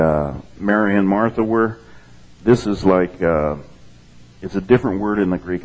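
A man's voice: low voice, darkish tone, rough recording. A man preaching a sermon, reading scripture and explaining it in a conversational way while often checking in with "okay?". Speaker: pastor.

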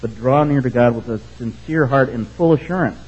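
A man's voice: medium pitch, fairly quick, darkish tone, husky. A man preaching a sermon, reading scripture and often checking in with his congregation. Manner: conversational, keeps checking in with the congregation. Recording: dull, muffled sound.

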